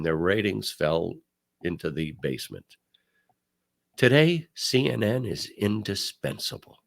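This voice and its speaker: Older male talk host, low voice, lively swooping delivery, emphatic. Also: creaky. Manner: animated, emphatic storyteller. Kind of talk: casual commentary.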